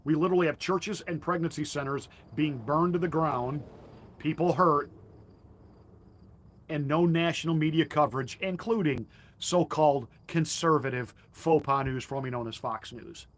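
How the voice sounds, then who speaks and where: A man's voice: fairly high pitch, normal speed. Combative, mocking male pastor. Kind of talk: political commentary monologue.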